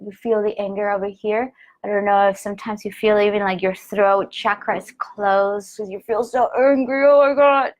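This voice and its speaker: On a live online call, a spiritual teacher with a medium-pitched voice gives a lesson softly and gently, often dropping into a hushed whisper and repeating phrases slowly.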